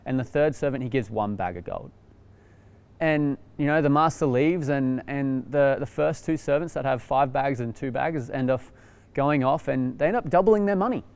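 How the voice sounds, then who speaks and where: A young Australian man, a youth pastor, telling a story in a casual, animated way with lots of fillers and restarts. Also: medium pitch, normal speed, smooth.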